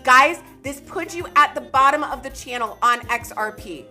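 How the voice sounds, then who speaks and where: A woman's voice, high-pitched and sharp, rings out with excitable energy. She hosts a live chart analysis stream, talking loudly and calling out to viewers by name, with faint music running underneath. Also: moderate pace. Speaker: crypto market streamer.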